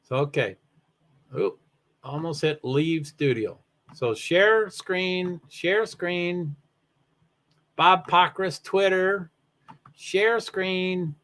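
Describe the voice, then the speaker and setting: The solo racing streamer here is a very tired man who yawns while he talks. His high-pitched, fairly bright voice draws out words and pauses often, and his chatter rambles with self-interruptions and fillers.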